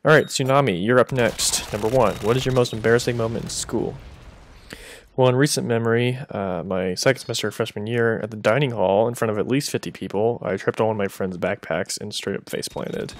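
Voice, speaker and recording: A man's voice: fairly low pitch, a little fast. A young man answering viewer questions in a casual, chatty way, with joking asides. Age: young adult. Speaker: gaming video creator.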